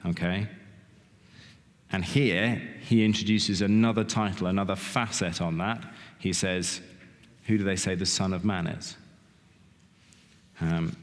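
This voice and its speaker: A middle-aged man giving a sermon in a church, talking in a conversational way, often asking "okay?" and saying "kind of". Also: fairly low pitch. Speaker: lay preacher. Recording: long reverb of a church hall.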